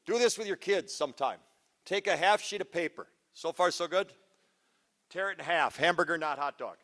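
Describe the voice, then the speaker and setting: A man's voice: fairly high pitch, normal speed, fairly bright tone. A man giving a punchy, teasing workshop talk to a live audience of parents, quizzing them as he goes. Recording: live hall with long reverb.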